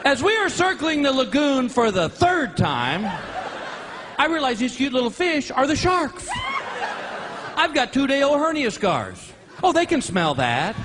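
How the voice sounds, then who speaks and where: Middle-aged male stand-up comic, high and expressive voice, live show with crowd noise. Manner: animated storytelling with loud whooping outbursts. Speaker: stand-up comedian. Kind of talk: stand-up comedy set.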